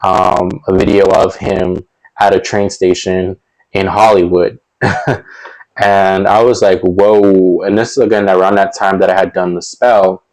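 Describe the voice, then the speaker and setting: A young man spins a casual storytime tale in a slightly low voice. He rambles, circling back with fillers and restarts, and breaks into little chuckles between sentences. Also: flat delivery, a little slow, poor audio. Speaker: storytelling vlogger.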